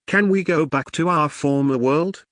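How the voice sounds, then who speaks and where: A man voicing a panicked young woman summoned to another world, firing off rapid repeated questions. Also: fairly high pitch, fairly bright tone, no echo, studio quality, pitched above the performer's own voice, lightly acted. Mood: pleading. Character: panicked young woman hero pleading to go home.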